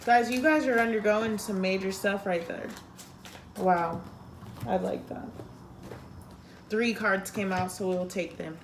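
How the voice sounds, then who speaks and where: A woman's voice: mid-range voice, steady tone, measured pace, pauses often, reverberant, a little hiss or hum. A woman giving a casual tarot reading, talking bluntly and frankly, swearing freely. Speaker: tarot reader.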